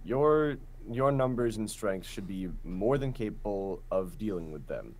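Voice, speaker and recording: A man's voice: lowish voice, sing-song, measured pace, exaggerated voice, rough recording. A man voicing a stiff male city guard who talks in a formal, dismissive way.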